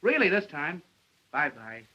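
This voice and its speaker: An actor playing a brash, wisecracking young male newspaper reporter in a 1930s film, talking fast and cocky. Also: fairly high pitch, big pitch swings, muffled recording, slight background noise. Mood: coaxing.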